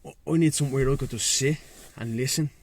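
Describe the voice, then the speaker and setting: A man with a Dublin Irish accent, talking as a guest in a loose chat outdoors by the sea. He is frank and fired up, full of slang and swearing. His pitch sits in an ordinary middle range. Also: fast. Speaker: guest, breathwork and sea-swim facilitator. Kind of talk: casual chat.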